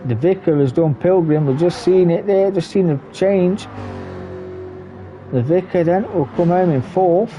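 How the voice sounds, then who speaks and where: A man commentating a sim race and hosting the league, excitable and informal, calling the results. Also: high-pitched, unhurried, soft background music.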